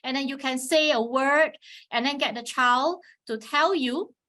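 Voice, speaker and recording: Woman explaining clearly in a teacherly webinar. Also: measured pace. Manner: patient teacherly explaining, frequent "all right" check-ins; models Mandarin tones with sharp pitch swings. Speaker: webinar presenter on teaching Chinese. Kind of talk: instructional webinar talk.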